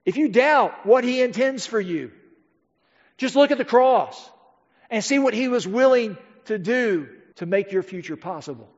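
A man preaching a sermon emphatically, slowing down and dropping to a near-quiet voice for key phrases. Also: high voice, expressive. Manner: emphatic, with dramatic slowdowns and drops to near-quiet. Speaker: pastor. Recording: dull audio with long hall reverb.

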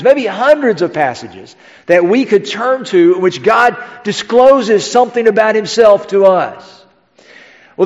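Pastor in a reverberant church. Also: male voice, high voice. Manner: conversational preaching, rhetorical questions. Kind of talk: sermon. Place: church sanctuary. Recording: dull church recording with long reverb.

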